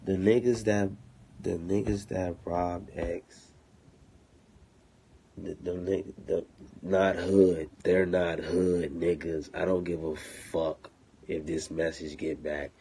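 A man's voice: sits low, flat delivery, slow pace, dark tone, a little hiss or hum. A man streaming live to fans from his phone, in a profane, taunting, confrontational rant. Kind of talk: livestream rant.

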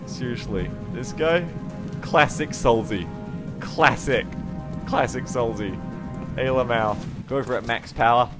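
A man streaming a strategy game, commentating sarcastically and jumping to excited yelps. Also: mid-range voice, a little slow. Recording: game stream with music behind.

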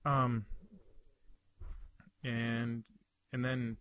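A young man chatting on a casual podcast with his friends. He rambles through a story, cursing freely and restarting his sentences. His voice sits at an ordinary middle pitch. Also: level tone, drawn-out words, a bit bright, dry recording. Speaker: podcast host. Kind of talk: casual chat.

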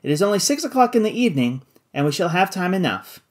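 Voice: medium pitch, sing-song, quick pace, natural voice. A reader voicing a resolute Victorian doctor in an audiobook, speaking in a commanding, urgent way. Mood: calm. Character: resolute Victorian doctor leading a balloon voyage. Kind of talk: audiobook character voice.

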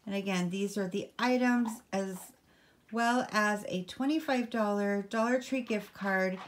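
A woman's voice: medium pitch, measured pace, a little hiss or hum. A woman chatting casually on camera at home, showing items one by one and rambling with lots of ums and apologies. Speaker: vlogger. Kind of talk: casual haul video chat.

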